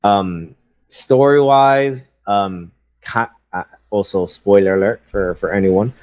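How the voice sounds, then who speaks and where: Low-voiced hesitant man, dull sound. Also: slow pace, darkish tone. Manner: hesitant, many fillers and restarts. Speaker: podcast co-host. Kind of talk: casual chat.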